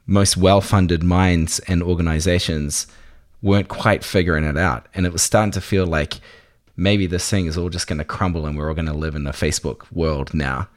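Man, very deep voice, relaxed storytelling, conversational, interview guest. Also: normal speed.

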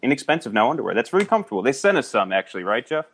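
A man co-hosting a podcast, trading quick joking banter in casual chat. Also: mid-range voice, big pitch swings, breathy edge. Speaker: podcast co-host.

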